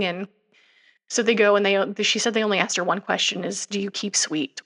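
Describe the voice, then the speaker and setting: A young woman co-hosting a casual true-crime podcast retells a story in her medium-pitched, fairly bright voice. Her telling rambles, full of fillers and asides.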